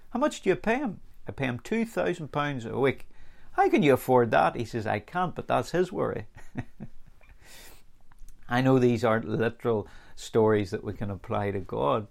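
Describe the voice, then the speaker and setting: A man preaching a sermon, earnest and lively, with dramatic pauses and acted-out anecdotes. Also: mid-range voice, creaky.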